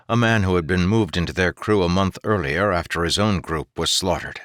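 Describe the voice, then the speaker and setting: A man narrating an audiobook in a steady reading voice. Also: sits low, moderate pace, few pauses, no echo, studio quality.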